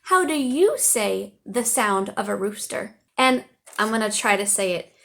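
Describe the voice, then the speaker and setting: A woman's voice: mid-range voice, animated, measured pace, creaky, a bit bright. An American woman, an online English teacher, giving upbeat, chatty teaching tips into her phone in a casual vlog. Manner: upbeat, chatty, with playful animal-sound imitations.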